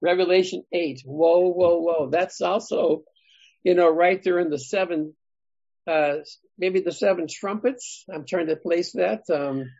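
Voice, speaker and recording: A group Bible study leader who talks the passage through out loud and keeps turning questions back to the group. The voice has a gravelly fry and a husky edge. It comes through a dull, lo-fi recording. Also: mid-range voice, a little slow, no echo. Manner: thinking aloud, asks the group questions.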